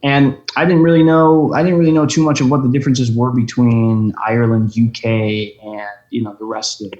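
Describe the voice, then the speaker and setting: A young man speaks at a moderate pace with a flat, slightly mellow, mid-range voice, recorded in a roomy space with the highs cut off. As a guest in casual chat in a room of a rental flat, he tells rambling travel stories and swears a lot.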